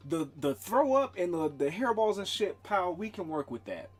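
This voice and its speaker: A man's voice: sits high, big pitch swings, normal speed, soft background music. A man streaming, telling a rambling, profane story in casual chat and laughing often.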